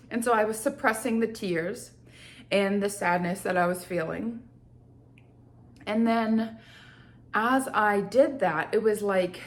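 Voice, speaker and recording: Earnest woman host telling a story. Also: mid-range voice. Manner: earnest, reflective, slows down on feelings. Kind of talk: personal storytelling talk.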